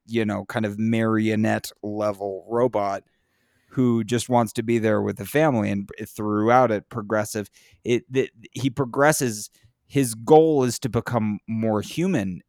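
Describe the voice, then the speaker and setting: A man in casual chat who talks in a profane, animated way and gets louder and higher when he is worked up. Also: no echo, studio quality. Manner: profane, animated, rises in pitch when impassioned.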